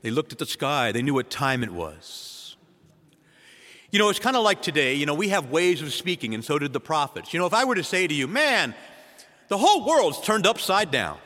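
Priest preaching in a reverberant church. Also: male voice, big pitch swings, fairly quick. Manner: dramatic preaching with wide swings in pitch and loudness. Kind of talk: sermon.

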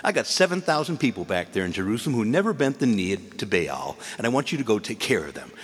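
A man's voice: fairly low pitch, very animated, fast talker, breathy edge. A man voicing God as a blunt, no-nonsense figure scolding a prophet, with long church reverb. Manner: brusque, scolding.

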